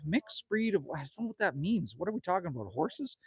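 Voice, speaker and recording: Lively chatty man in his fifties. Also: sits high, fairly quick, hardly any pauses, husky. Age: 50s. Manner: rambling, friendly, chatty. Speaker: livestream host. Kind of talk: casual livestream chat reading comments. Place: outdoors at a country cabin at sunset.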